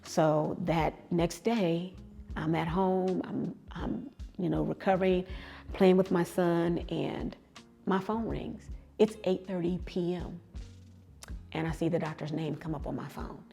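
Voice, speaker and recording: A woman's voice: lowish voice, fairly even intonation, creaky, warm tone, faint music behind. A middle-aged woman telling a personal story with emotion, acting out the dialogue in it. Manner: emotional, reenacts dialogue with quick asides. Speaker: guest telling her story.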